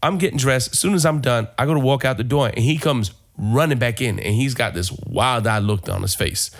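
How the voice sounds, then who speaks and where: A man from Miami co-hosting a podcast, telling a story with deadpan, dry jokes while sick with the flu. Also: medium pitch, brisk, a little hiss or hum. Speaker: podcast co-host. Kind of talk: casual chat.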